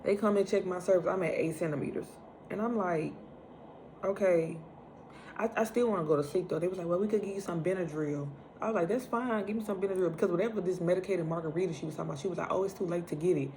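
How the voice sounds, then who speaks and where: A young woman tells a personal story in a low, full voice. She talks casually and with energy, acting out the lines she quotes. A faint hum sits behind her. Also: rapid-fire. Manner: animated, acts out quoted lines, laughs while telling. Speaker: vlogger.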